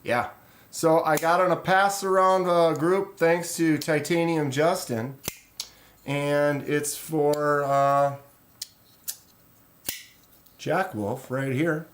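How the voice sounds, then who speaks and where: A man hosting a casual live stream, rambling in a relaxed way and reading viewer comments aloud. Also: a little high, slow, long pauses, a little hiss or hum. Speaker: knife channel host.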